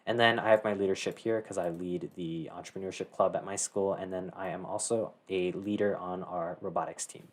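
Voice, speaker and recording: A man's voice: low-pitched, fairly even intonation, a little fast, hardly any pauses. A teenage boy casually talking through a screen-share tutorial, rambling with many fillers and self-corrections. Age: teens. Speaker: tutorial host.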